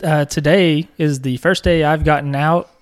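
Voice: mid-range voice, fairly even intonation, moderate pace. A podcast co-host chatting casually, answering in short, laid-back replies. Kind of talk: casual chat.

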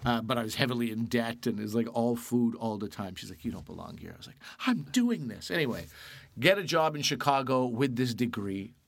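A Canadian man telling lively stories in a casual chat, acting out other people's lines. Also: mid-range voice, fairly quick. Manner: animated storyteller, acts out quoted voices.

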